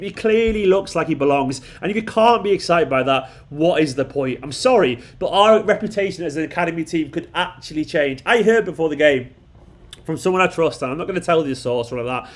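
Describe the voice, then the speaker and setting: A man hosting a football fan channel, giving an excitable live post-match reaction and answering viewer comments with emphatic repetition. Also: fairly high pitch, a little fast. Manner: excitable, emphatic, repeats himself.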